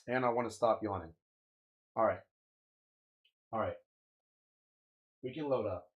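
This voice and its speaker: A man's voice: lowish voice, slow pace, pauses often. Young male streamer, slangy and cursing. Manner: loose, slangy, swears often, exclaims "wow" a lot; frustrated, ranting about lag. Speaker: live streamer. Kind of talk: casual live-stream chat.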